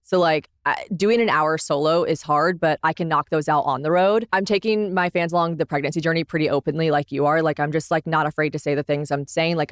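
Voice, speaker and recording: A young pregnant woman, a comedian and podcast host, chatting as a guest in a rapid, brazen, profane way. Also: deep voice, no echo, clean studio sound. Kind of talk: casual interview chat.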